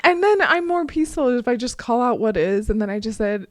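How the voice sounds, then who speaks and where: A woman co-hosting a casual podcast chat, telling stories and explaining ideas in a calm teaching tone. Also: a little high, brisk, hardly any pauses, no room sound, studio quality. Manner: storytelling, animated with laughs. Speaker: podcast co-host.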